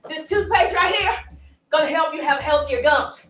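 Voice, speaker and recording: A woman's voice: high-pitched, moderate pace. A woman coaching on social media marketing, talking playfully and with emphasis as she walks along. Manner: animated, playful and emphatic, with asides and laughs. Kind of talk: energetic coaching talk to camera. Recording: roomy sound, voice from a distance.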